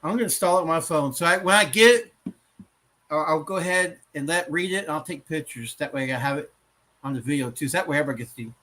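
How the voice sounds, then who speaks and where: A male podcast co-host chatting casually, eager and often chuckling as he speculates. His voice is bright and forceful and sits a little high. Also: fast talker. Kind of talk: casual chat.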